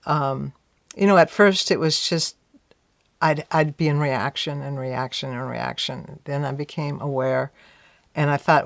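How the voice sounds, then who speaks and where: A woman's voice: low-pitched, steady tone, measured pace, vocal fry, no room sound. A woman being interviewed, telling a story in a reflective, conversational way, often saying "you know" and voicing her own past thoughts aloud. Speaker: interview guest.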